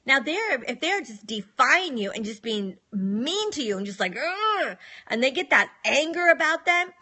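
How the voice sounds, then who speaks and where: A woman's voice: sits high, very animated, normal speed, bright, forceful tone. A middle-aged woman talking casually on a live stream, giving firm, matter-of-fact parenting advice and acting out what she says to her children.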